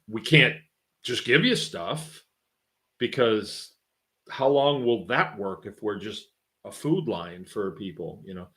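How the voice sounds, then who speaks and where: A middle-aged farmer who hosts his own farm show delivers a casual monologue in a folksy, rambling, conversational style packed with fillers. His voice sits on the low side with a fairly bright tone.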